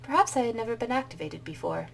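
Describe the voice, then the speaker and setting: A woman voicing a calm, formal male robot servant who speaks politely and deferentially. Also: fairly high pitch, quick pace, a little hiss or hum, poor audio. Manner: polite, formal, says "mistress". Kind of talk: game dialogue read-aloud.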